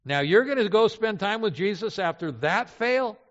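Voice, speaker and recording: A preacher doing a sly taunting Satan. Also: male voice, sits high, expressive, moderate pace, voice pushed up. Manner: taunting rhetorical questions. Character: sly tempting male devil, accusing and coaxing. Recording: dull hall recording with long reverb.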